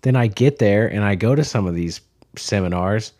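Loose-talking brewer with a Kansas accent. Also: male voice, on the low side, moderate pace, darkish tone, no room sound, studio quality. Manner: loose, swears freely, jumps between thoughts. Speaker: guest brewer. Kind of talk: casual podcast chat.

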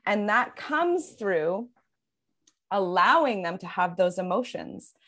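Earnest woman explaining parenting calmly. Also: medium pitch, slow pace. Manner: earnest, explanatory, with frequent fillers and restarts. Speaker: parenting coach. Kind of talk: casual podcast conversation.

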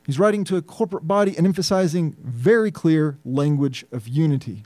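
Emphatic pastor with a dark, mellow voice. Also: male voice, a little high, expressive, a little fast, hardly any pauses, dry recording. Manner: earnest, emphatic, thinking aloud with restarts. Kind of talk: sermon.

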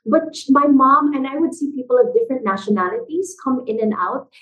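A woman's voice: high voice, a little fast, low-quality recording. A young adult woman, a theater company founder talking as a guest in a casual interview, telling stories animatedly with many fillers. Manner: animated storyteller, lots of fillers like "like" and "you know".

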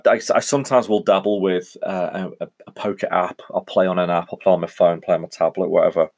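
Deep-voiced man with a Northwest English accent. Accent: Northwest English, Cheshire and Welsh-border mix. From England. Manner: rambling, chatty, frequent self-corrections. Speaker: podcast host. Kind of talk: casual solo podcast monologue.

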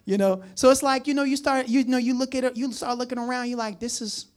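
A man's voice: very high-pitched, fairly even intonation, fast talker. A man from the New Jersey or New York area preaching a conversational sermon, folksy and chatty with frequent asides and chuckles. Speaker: pastor.

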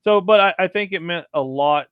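A man's voice: high-pitched, moderate pace, clean tone, dry recording. A man giving a hesitant opinion in casual review chat, with many "um" fillers. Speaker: podcast panelist. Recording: tinny phone line, dry.

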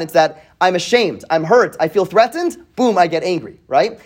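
A man's voice: high voice, expressive, fast, few pauses. Man teaching a weekly Bible class. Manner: reads Hebrew verses then translates, asks students questions, often adds "right?"; restarts and repeats words while thinking aloud. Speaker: Torah teacher.

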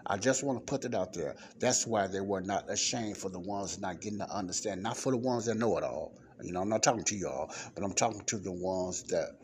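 A man's voice: sits low, fairly quick, few pauses, darkish tone, a little hiss or hum. A man giving an informal Bible lesson in a conversational way, often checking in with his listeners. He reads passages aloud and explains them. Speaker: Bible teacher. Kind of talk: informal scripture teaching. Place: non-soundproof spot in a library.

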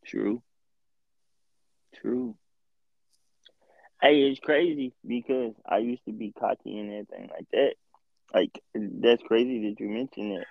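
A man's voice: mid-range voice, unhurried, vocal fry, long pauses, no echo. A man in casual chat, laid-back and agreeable, telling a story. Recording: dull, dry recording.

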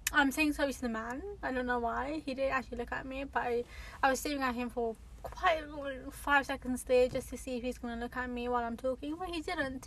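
A woman's voice: sits high, poor audio. A young woman hosting her own podcast from a parked car, chatting casually and rambling with lots of fillers and self-corrections. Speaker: podcast host. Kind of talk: casual solo podcast chat. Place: parked car in a car park near an airport. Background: faint airplane noise.

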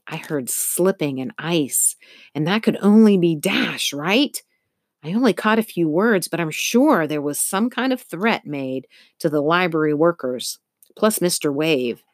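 An eager young girl from a storybook who speaks in a hurry, as a woman narrator reads her. The voice sits low and dry, close to the mic. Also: lively intonation, unhurried, dry recording. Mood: urgent. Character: young girl, breathless and urgent.

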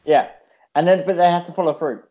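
A man's voice: a little high, brisk. A man co-hosting a casual chat, rambling and swearing a lot, on a dull lo-fi recording. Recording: dull lo-fi sound.

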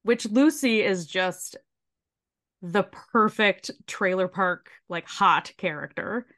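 Woman podcast co-host, sore throat, animated casual recap, mid-pitched. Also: slow. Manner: animated, swears freely, briefly mimics characters while retelling. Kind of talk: casual chat recapping a show.

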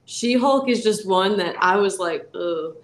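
A woman's voice: mid-range voice, a little slow, echoey room, slight background noise, low-quality recording. A woman co-hosting a podcast in casual, laughing chat, swearing freely. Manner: laughs often, swears, animated. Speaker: podcast co-host.

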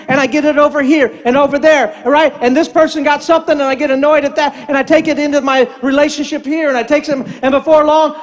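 An older man delivers a sermon as a comic story, his voice sitting very high. He acts out the people in the tale with lively, animated energy. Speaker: pastor.

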